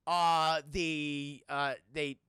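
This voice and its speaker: A man's voice: on the high side, little pitch movement, very slow, pushed and bright, clean tone, no echo, clean studio sound. A young man with a New York accent chatting casually on a livestream, rambling and swearing as he talks to his chat. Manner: rambling, profane, addresses chat constantly. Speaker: streamer answering viewer questions.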